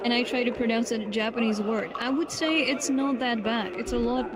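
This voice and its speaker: A woman from Poland with a Polish accent, chatting casually as a guest on a stream, lively and quick with asides. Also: a little high, a crowd in the background. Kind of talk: casual chat.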